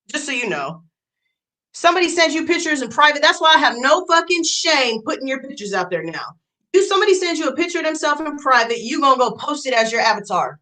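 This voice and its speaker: A woman's voice: sits high, pushed and bright. A young adult woman on a livestream, ranting in a heated, profane way and repeating lines for emphasis. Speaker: YouTube streamer.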